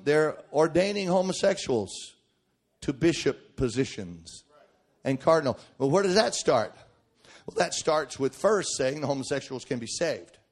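A middle-aged man preaching a sermon, emphatic and folksy, swinging from shouted points to quiet joking asides. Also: mid-range voice.

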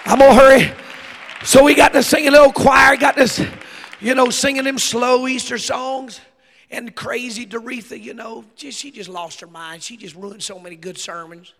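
A man with a Southern US accent preaching a sermon, telling stories with laughter and rising to shouts. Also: very high voice, moderate pace, some chatter behind. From American South. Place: church sanctuary. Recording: long hall reverb.

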